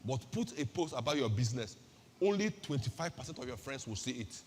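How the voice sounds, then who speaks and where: A woman's voice: very deep voice, big pitch swings, fairly quick, a little mellow, in a large hall, slight background noise. A woman pastor with a Nigerian accent giving an emphatic sermon-style talk, firing off rhetorical questions and repeating her key phrases.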